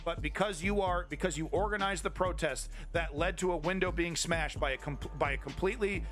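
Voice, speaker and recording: A man on a live news stream vents furious political commentary at his chat, swearing, rambling, and restarting again and again. He talks briskly in a slightly high voice while music plays in the background.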